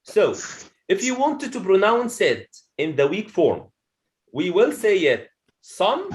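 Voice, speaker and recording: A man teaching a pronunciation lesson to a classroom of students, explaining slowly, repeating each point and checking in with "okay?". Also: high voice, sing-song, a little hiss or hum. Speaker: English teacher.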